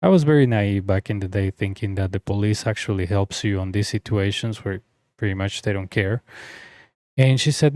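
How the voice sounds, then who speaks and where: A man's voice: fairly low pitch, moderate pace, darkish tone, no echo, clean studio sound. A young man telling a personal story in a casual, rambling way, full of fillers and restarts. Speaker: story reader.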